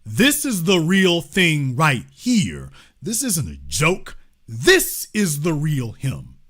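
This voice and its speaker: A lively man from Louisiana hosts impassioned political commentary. His voice is on the high side and his pace slow, and he's emphatic and repetitive, swinging between loud and hushed.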